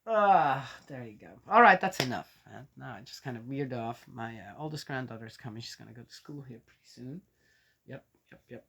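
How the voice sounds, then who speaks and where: A woman's voice: extremely low pitch, expressive, brisk, creaky, fairly bright tone, breathy edge. An older woman in a rambling, chatty talk, sharing a story and a blessing with her viewers. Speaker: faith vlogger. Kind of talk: casual chat.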